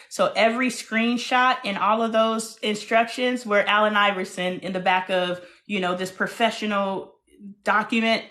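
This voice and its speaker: A woman in her thirties hosting a casual livestream chat, telling stories in a chatty, animated way with playful exclamations. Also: mid-range voice. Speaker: host.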